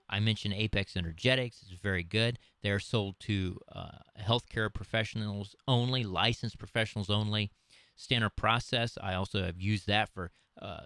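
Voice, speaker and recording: A man giving an unscripted health webcast, talking emphatically and preachily, his voice jumping higher when he drives a point home. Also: fairly bright tone, dry recording, studio quality. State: dry throat. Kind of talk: unscripted webcast talk to camera.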